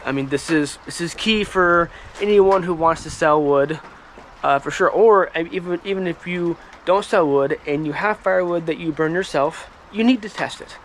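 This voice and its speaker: Halting man vlogging outside in rain. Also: a little high. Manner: halting, many ums and restarts. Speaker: firewood channel host. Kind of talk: casual vlog talk to camera. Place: outdoors by a woodpile, rain and traffic nearby. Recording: light rain and road noise behind.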